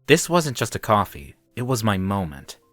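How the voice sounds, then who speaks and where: Animated man narrating a story. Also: fairly low pitch, normal speed, dry recording, faint music behind. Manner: animated, wry and dramatic. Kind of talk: scripted first-person story narration.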